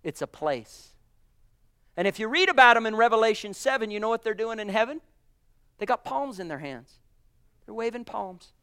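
A man preaching a sermon to a congregation, fervent, swinging from hushed, soft passages to loud exclamations. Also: high voice, expressive, moderate pace, long pauses, smooth, dry recording, clean studio sound. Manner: addresses congregation as brothers and sisters. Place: church.

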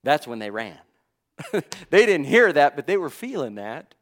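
A man with a somewhat high voice preaching with fervor. He repeats phrases in a rolling cadence and scatters "praise God" through his lines. His volume swings from ringing declarations down to hushed, almost whispered words. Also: big pitch swings, a little slow. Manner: fervent, peppered with "praise God" and "hallelujah"; repetitive, rhythmic preaching cadence. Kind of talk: sermon.

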